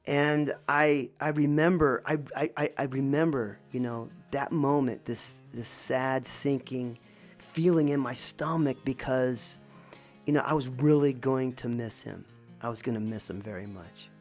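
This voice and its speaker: Woman with a deep voice for a reflective, meandering personal story; light music underneath. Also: unhurried, darkish tone. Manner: reflective, rambling, with many restarts.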